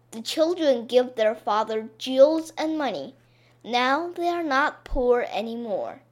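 Woman reading a fairy tale slow and clear, voice goes up and down a lot. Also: on the high side, sing-song, a little mellow. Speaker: storyteller. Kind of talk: slow storybook narration for learners.

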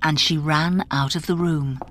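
A woman narrating a graded reader story in a clear, deliberate storytelling manner. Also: sits low, steady tone, fairly bright tone, a little hiss or hum.

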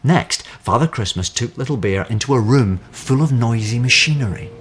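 Expressive male storyteller reading aloud. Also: medium pitch, normal speed, slight background noise.

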